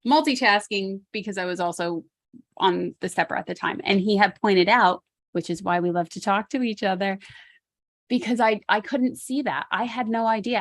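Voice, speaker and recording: A woman's voice: medium pitch, vocal fry, no room sound. A woman guest-hosting a talk on self-care, encouraging and laughing often as she repeats key points. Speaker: guest host.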